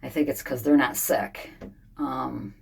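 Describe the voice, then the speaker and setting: A grandmother in her fifties talks into her camera from a home sauna, tired and unwell. Her voice sits low and gravelly with a husky edge, and she rambles with sighs and long pauses. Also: a little mellow. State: unwell, frustrated. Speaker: vlogger. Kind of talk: casual diary vlog.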